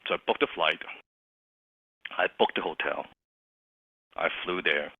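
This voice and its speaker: A man telling a personal story as a motivational business speaker, animated, laughing often and stumbling over restarts. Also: sits low, normal speed, pauses often, dry recording. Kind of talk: storytelling talk. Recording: dry, tinny phone-like sound.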